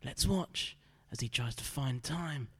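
A man putting on a hushed nature-documentary narrator in a whispered role-play, slow and measured. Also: mid-range voice, husky.

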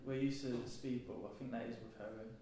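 Flat-voiced man explaining. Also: mid-range voice, brisk. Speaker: podcast co-host. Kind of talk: casual chat. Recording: echoey room with noise.

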